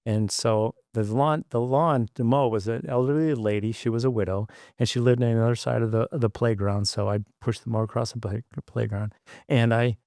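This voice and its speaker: Fairly quick and fairly even in intonation, his mid-range voice has a darkish tone on a dry, clean studio recording. He is a podcast guest from Michigan, United States, in his sixties, looking back on his childhood in rambling fashion, with many asides, fillers and restarts.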